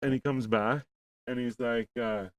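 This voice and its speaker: A man's voice: mid-range voice, steady tone, a little slow. A man hosting a podcast, telling a rambling, profane story in casual chat and acting out both sides of a conversation. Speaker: podcast host.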